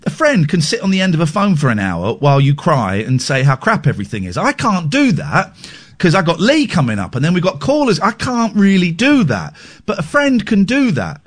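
A man's voice: on the high side, wildly swooping pitch, fairly quick. A man hosting a radio phone-in, talking candidly and self-deprecatingly, rambling with restarts. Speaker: radio host. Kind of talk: late-night radio phone-in chat.

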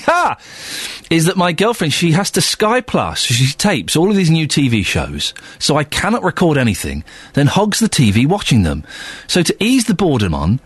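A man's voice: medium pitch, slightly rough, no echo. A man hosting a phone-in radio show in a studio, talking in chatty, rambling, self-mocking rants. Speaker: radio host. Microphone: studio microphone.

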